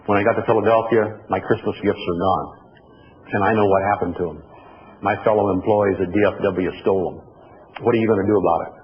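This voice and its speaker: This motivational speaker's keynote is a string of folksy personal stories told to an audience in a lowish voice, steady in tone and brisk in pace. Echo from the hall, faint noise, and a dull lo-fi sound mark the recording.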